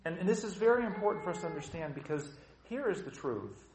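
Man preaching in an echoing church; blunt, lively, swings up high when he mimics doubters. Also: fast. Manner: animated, acts out the voices of troubled churchgoers; blunt, conversational, asks the room rhetorical questions. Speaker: pastor. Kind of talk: sermon. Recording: roomy church reverb.

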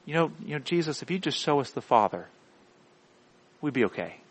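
A naive, earnest disciple speaks softly and hesitantly, missing the point entirely, as a man preaching puts him on. He sounds sincere, with a low-key, mumbling manner. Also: big pitch swings, brisk, slightly rough. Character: clueless earnest male disciple, adult.

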